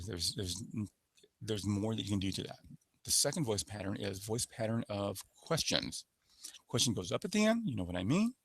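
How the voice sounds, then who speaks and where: This man leads a sales-skills webinar as a coach, using example phrases to show different voice patterns. He speaks in a lowish register with vocal fry and a breathy quality, and the recording sounds dry.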